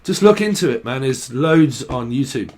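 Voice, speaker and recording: A man's voice: mid-range voice, lively intonation, normal speed, darkish tone, a little hiss or hum. A young man giving a casual tarot reading, rambling and swearing as he thinks aloud. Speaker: tarot reader.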